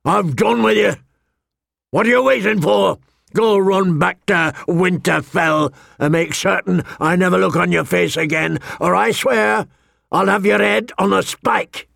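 A man's voice: on the high side, sing-song, measured pace, dry recording, studio quality, pitched above the performer's own voice, exaggerated voice. A man voicing a furious middle-aged king who bellows and chokes with rage.

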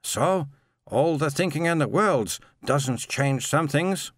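A man's voice: on the high side, expressive, slow pace, no room sound, clean studio sound, voice pushed up. A man voicing a wary, terse four-shouldered alien man, reading a story aloud. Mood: wry.

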